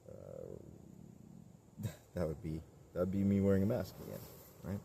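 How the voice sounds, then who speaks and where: A man with a low, gravelly voice muses slowly and candidly to camera. His tone is very dark and mellow, and he rambles in halting bursts full of restarts, with faint noise underneath. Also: huge pitch swings. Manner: candid, self-reflective. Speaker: vlogger. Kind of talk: casual reflective monologue.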